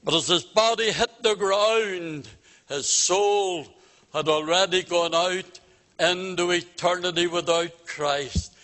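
A man's voice: sits high, takes it slowly, pushed and bright. A man preaching a revival sermon, fervent and pleading, with repeated rhetorical questions. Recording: long hall reverb.

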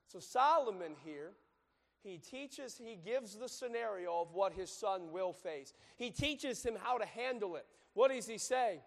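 A male pastor with a strikingly high voice preaches an earnest sermon. He reads scripture in a measured cadence and then explains it plainly. His words ring out in a church with a long, lingering reverb. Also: expressive, gravelly.

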